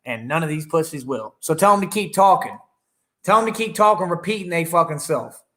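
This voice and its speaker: Guy ranting on his live, bragging and trash talking, kinda high voice. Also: expressive, a little fast, a bit bright. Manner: taunting, boastful, profane; talks over his own song playing. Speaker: livestreamer. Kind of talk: combative livestream rant.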